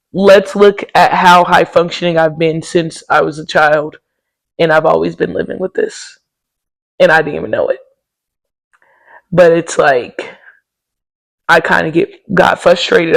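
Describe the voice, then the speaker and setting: A woman's voice: on the low side, steady tone, normal speed, vocal fry, poor audio. A woman hosting a podcast, chatting candidly and casually to her listeners and sounding tired. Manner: candid, talks straight to listeners, often says y'all. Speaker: podcast host. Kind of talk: casual personal chat.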